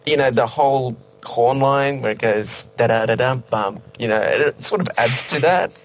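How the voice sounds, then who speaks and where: A man in a casual music review chat, talking in a relaxed, measured way with many fillers. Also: mid-range voice. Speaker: podcast co-host.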